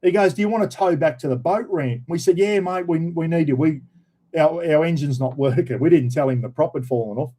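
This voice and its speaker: An Australian man casually telling a story, acting out other people's shouted lines and laughing as he talks. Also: a little high, fairly quick. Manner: animated, acts out quoted shouts, laughs mid-sentence. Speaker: vlogger, former police officer.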